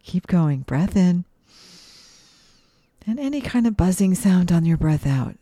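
A woman gently leading children through a breathing and mindfulness meditation, asking soft questions. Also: on the low side, expressive, no echo. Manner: slow, soothing, gently questioning. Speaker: mindfulness teacher for kids.

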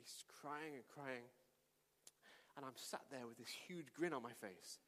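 A male pastor preaching a sermon and telling a story with lively delivery that rises to shouts. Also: medium pitch, unhurried. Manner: animated storytelling, shouting at climaxes. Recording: long reverb of a hall.

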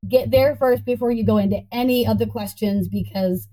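Woman guest, higher voice, mellow tone, chatty and laughing, playful asides. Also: brisk, low-quality recording. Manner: warm, animated, laughs often, playful self-talk voices. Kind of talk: casual conversational talk.

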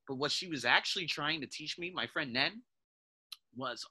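A man hosts a podcast and delivers a casual motivational monologue straight to his listeners. His voice is very bright and tense and sits a little higher than most men's. He talks in an animated way, often stops to correct himself, and addresses his audience as "guys". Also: normal speed, husky. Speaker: podcast host.

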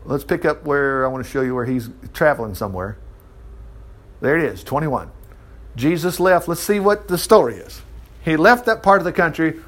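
Man preaching, bible teaching, bit high voice, swings up and down a lot, keeps breaking in with asides. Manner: animated, reads verses and breaks in with asides. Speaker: Baptist preacher. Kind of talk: sermon teaching with scripture reading.

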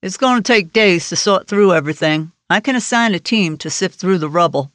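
A woman's voice: fairly low pitch, animated, a little fast, fairly bright tone, no room sound. A woman narrator voicing a cocky, crude male agent who talks in a wisecracking, folksy way in an audiobook. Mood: teasing. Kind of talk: audiobook character voice.

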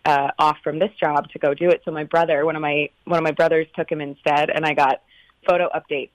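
Chatty low-voiced actress from California. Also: female voice, brisk, no room sound, poor audio. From Northern California. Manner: chatty, animated storyteller. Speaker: stage actress, interview guest. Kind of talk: casual interview chat.

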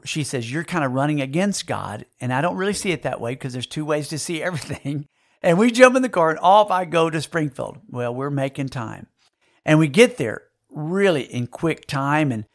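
A male pastor, telling a folksy personal story during a sermon. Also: fairly high pitch. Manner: folksy storytelling, animated retelling.

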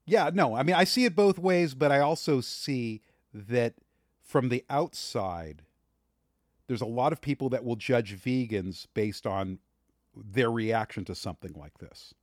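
A man's voice: medium pitch, unhurried, dry recording, studio quality. A man co-hosting a podcast, arguing his point passionately and raising his voice in a heated debate. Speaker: podcast co-host.

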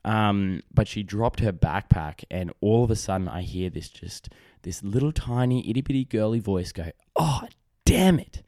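Chatty dad with low voice. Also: male voice, normal speed, dark tone, no room sound, studio quality. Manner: rambling, chatty, lots of fillers and restarts. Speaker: podcast host. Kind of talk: casual solo podcast storytelling.

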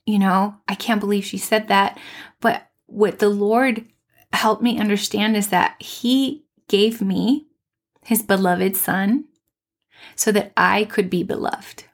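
Woman, faith podcast host, heartfelt testimony, gravelly vocal fry, middle pitch. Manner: earnest, heartfelt, soft-spoken with tender pauses.

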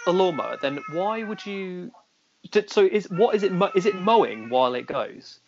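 A man's voice: high-pitched, animated, normal speed, darkish tone, lo-fi sound, a little hiss or hum. A man co-hosting a casual podcast, with dry, teasing banter. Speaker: podcast co-host.

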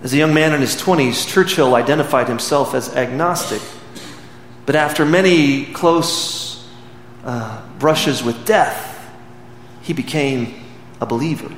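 A man's voice: mid-range voice, a little slow. A man preaching a sermon, earnestly retelling a film scene as a story. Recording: echoey hall with faint background noise.

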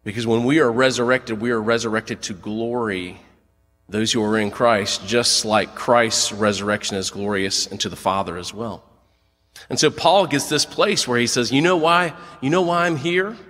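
Animated man preaching in a reverberant church. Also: on the low side, normal speed. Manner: animated storytelling, acts out quotes. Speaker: pastor. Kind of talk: sermon.

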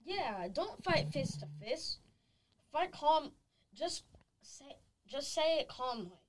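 A woman with a slightly high voice chimes into a group discussion. She talks slowly and haltingly, restarting and repeating words as she goes. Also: sing-song, rough recording. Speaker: group member. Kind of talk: casual chat.

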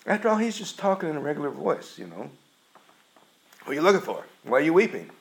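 A man's voice: on the high side, huge pitch swings, quick pace, creaky, rough recording. A man preaching a sermon, retelling a scripture story in an earnest, emphatic way.

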